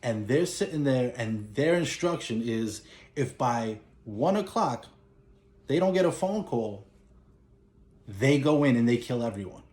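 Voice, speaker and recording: A man casually retelling a film's plot as a collector and reviewer, animated and breaking into character lines. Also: medium pitch, a little slow. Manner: animated storytelling, acts out lines in a raised voice. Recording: roomy echo.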